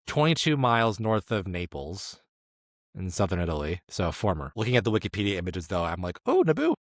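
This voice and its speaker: A man's voice: deep voice, expressive, fairly quick, no echo, studio quality. A man co-hosting a film podcast in casual chat, joking and stumbling over place names. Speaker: podcast co-host.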